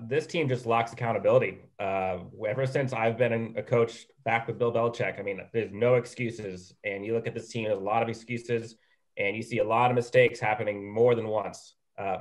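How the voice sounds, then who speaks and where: A man's voice: mid-range voice, steady tone, normal speed. Guy talking blunt and firm, straight shooter. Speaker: podcast guest.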